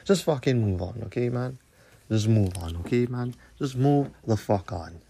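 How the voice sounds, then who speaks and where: A man's voice: mid-range voice, expressive, normal speed, creaky, warm tone. A man, hosting a podcast and delivering a profane, confrontational solo rant. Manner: profane, confrontational ranting with repeated tag questions. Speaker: podcast host.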